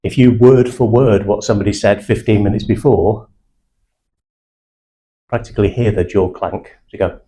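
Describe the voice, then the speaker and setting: A man's voice: lowish voice, moderate pace, long pauses, warm tone, rough recording. A man, teaching a live sales training session in a blunt, confident manner with British slang. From England (South Manchester).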